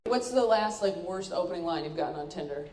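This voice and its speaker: A woman's voice: lowish voice, expressive, brisk. A young woman from Los Angeles doing a stand-up set on a club stage, firing off self-mocking punchlines and stretching out quoted lines. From Los Angeles, United States. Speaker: stand-up comedian. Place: comedy club stage before a live audience. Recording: audience noise and laughter behind. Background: crowd laughter.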